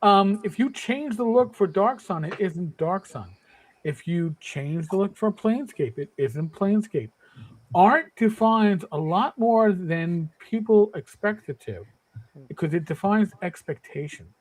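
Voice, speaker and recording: A man's voice: high-pitched, animated, unhurried, low-quality recording. A man in his fifties chatting on a panel podcast, emphatic and rambling, with many restarts. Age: 50s. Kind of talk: casual panel chat.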